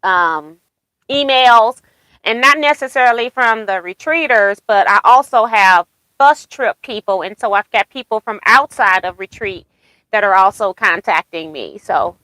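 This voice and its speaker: Bright-voiced woman hosting a chatty livestream. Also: mid-range voice, lively intonation, a little slow, no room sound, rough recording. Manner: chatty, rambling, reads viewer comments aloud. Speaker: quilting livestream host. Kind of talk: casual live chat.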